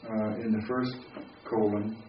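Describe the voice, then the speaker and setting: A man lecturing in a classroom, relaxed and thinking aloud as he quizzes students. His voice sits a little low and lands from across a roomy space. The recording sounds dull, with a faint hiss behind it. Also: a little slow, recorded from a distance. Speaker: Hebrew grammar professor. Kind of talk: classroom teaching.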